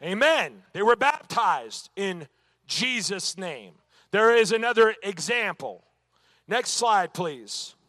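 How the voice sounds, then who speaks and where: A man's voice: high-pitched, very animated, takes it slowly, bright, forceful tone, no room sound. Male Bible teacher, emphatic delivery, dry close sound. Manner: emphatic, punctuated with "amen" and rhetorical questions. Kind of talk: church Bible lesson.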